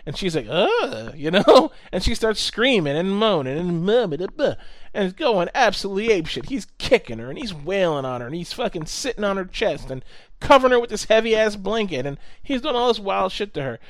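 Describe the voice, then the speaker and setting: A man telling a story in casual chat, animated, swearing often and acting out what people said. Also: high-pitched, brisk, few pauses, no echo.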